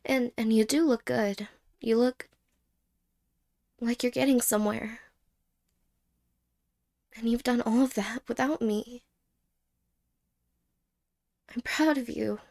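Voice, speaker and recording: Whispered role-play: a woman plays a wistful, apologetic ex-girlfriend with a fairly high, gravelly voice, halting and soft. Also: steady tone. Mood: tender. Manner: halting, hesitant, soft-spoken with whispered words.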